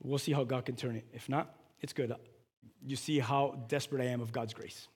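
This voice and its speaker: A man preaching as pastor, telling a story that swells into loud, fervent preaching. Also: mid-range voice, fairly even intonation, brisk, breathy edge. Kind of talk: sermon storytelling. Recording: long hall reverb.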